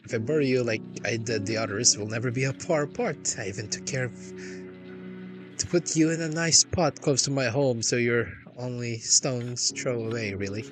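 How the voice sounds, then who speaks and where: Clingy gravedigger lady, soft coaxing voice, read by a man, game music behind. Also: mid-range voice, moderate pace, natural voice. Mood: doting. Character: lonely doting female gravedigger, gently unhinged.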